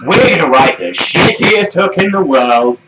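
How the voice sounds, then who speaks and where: A man's voice: a little high, expressive, unhurried, over music, low-quality recording. A man ranting sarcastically about songs, sweary and exasperated, dropping to mutters and jumping to mocking shrieks. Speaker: music review vlogger. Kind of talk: sarcastic comedic music review.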